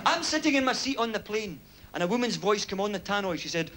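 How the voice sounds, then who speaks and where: Young Scottish stand-up comic, high voice, quick gags, laughs at himself. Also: male voice, very animated, fairly bright tone, slight background noise. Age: young adult. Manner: quick joke-telling, chuckles at own gags. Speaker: stand-up comedian. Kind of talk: stand-up comedy routine.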